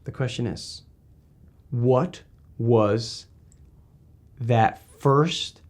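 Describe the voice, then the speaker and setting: A man's voice: fairly high pitch, normal speed, a little mellow. A man interviewing a guest in a casual talk, rambling and emphatic with many restarts.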